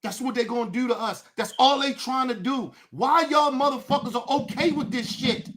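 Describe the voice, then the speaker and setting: This is a woman hosting a livestream rant, her voice high and bright. She speaks angrily, swears constantly, and often rises to a shout. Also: normal speed. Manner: angry, profane, often shouting. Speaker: streamer, show host.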